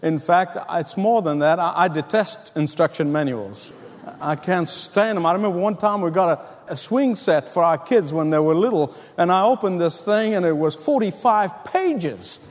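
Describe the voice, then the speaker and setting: High-voiced preacher in a big hall. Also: male voice, animated, normal speed. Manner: storytelling, emphatic, repetitive build-ups. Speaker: pastor. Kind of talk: sermon.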